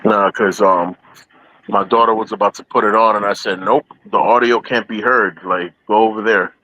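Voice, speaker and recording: A man's voice: lowish voice, steady tone, moderate pace, bright, forceful tone, rough recording. A man chatting casually as a podcast guest, rambling and repeating himself, with easy laughter as he talks. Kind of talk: casual chat.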